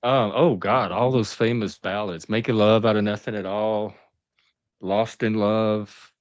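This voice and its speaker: A man's voice: on the low side, fairly even intonation, unhurried, no echo, muffled recording. A middle-aged man in casual panel chat, chatty and enthusiastic. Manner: chatty, enthusiastic about music. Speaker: podcast panelist.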